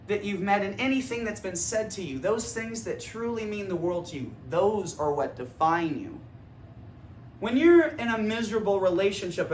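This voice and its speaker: A man with a high voice gives a rambling, energetic monologue, swearing freely as he goes. He records on his phone in a room. The room echoes, and faint noise sits underneath. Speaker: vlogger. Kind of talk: casual philosophical monologue. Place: indoor room.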